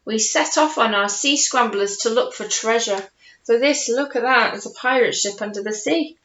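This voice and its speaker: At a moderate pace and with a slightly high voice, a woman teacher reads a picture book to young kids in a home with a conservatory. She is lively and playful, asking the children questions, and the recording has a roomy, dull home sound.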